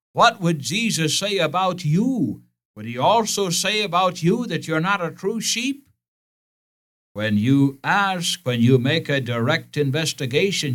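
A man's voice: fairly high pitch, fairly bright tone. A man preaching a sermon in an earnest, emphatic way, repeating key phrases and speaking directly to his listeners.

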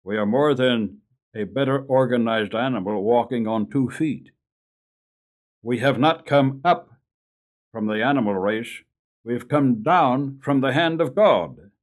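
An older man preaching an earnest sermon, slowing down for emphasis and dropping low and soft at the ends of lines. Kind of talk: radio sermon.

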